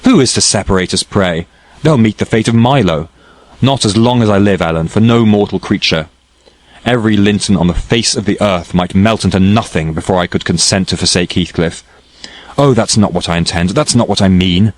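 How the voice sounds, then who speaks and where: In an audiobook, a man with a deep, low voice reads the part of a headstrong young woman, pitching slightly higher as she pours out her feelings in a declaiming, impassioned rush. It's lightly acted and a little fast, recorded dry and close with no room around it, though the audio is poor.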